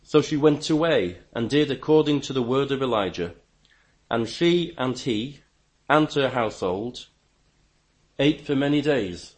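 A man's voice: lively intonation, measured pace, darkish tone. Emphatic preacher man. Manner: emphatic, stammering restarts, sudden rises in pitch and volume. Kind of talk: sermon.

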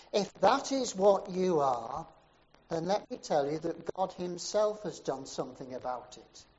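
Preacher with a dark, muffled voice. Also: male voice. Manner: rhythmic repetition, rising to emphatic peaks then dropping low. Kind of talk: sermon storytelling. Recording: dull, muffled sermon recording.

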